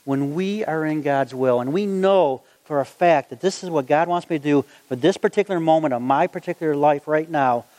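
A man preaching a sermon, reading Bible verses aloud and acting out the story in lively voices. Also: mid-range voice. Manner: animated, acts out the story in voices. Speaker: gospel magician preacher. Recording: long hall reverb.

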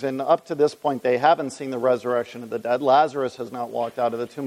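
A male preacher with a gravelly edge to his voice, working verse by verse through scripture for a live audience. He talks in a conversational way and puts questions to the room. His voice carries a long reverb tail, as in a large hall. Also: mid-range voice, darkish tone. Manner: conversational, reads scripture aloud, asks the congregation questions. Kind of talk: expository Bible teaching.

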